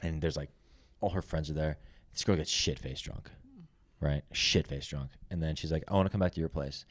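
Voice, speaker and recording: A man's voice: extremely low pitch, brisk, dry recording. A young man chatting casually on a podcast, telling stories loosely and swearing a lot. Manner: loose storytelling, acts out quotes, swears a lot. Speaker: podcast co-host, comedian.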